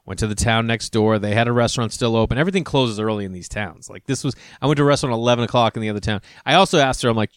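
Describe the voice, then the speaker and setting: A man's voice: mid-range voice, smooth, dry recording, studio quality. A man telling a rambling, profane story in a casual monologue and acting out the voices of the people in it.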